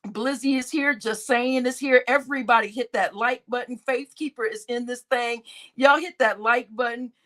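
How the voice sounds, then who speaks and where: A woman hosting a livestream, chatting casually and gossiping with viewers, often laughing and breaking into loud exclamations. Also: a little high, fairly even intonation, normal speed. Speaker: livestream host.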